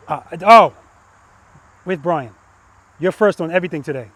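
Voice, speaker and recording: A man with a notably high voice runs an outdoor motorcycle lesson among the cones. He talks emphatically, repeats cue words in a steady rhythm, and checks in with a quick "right?" after each point. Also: dry recording. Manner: peppers instructions with "right?". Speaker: motorcycle riding instructor. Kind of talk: hands-on coaching in a riding lesson. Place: outdoor practice lot with cones.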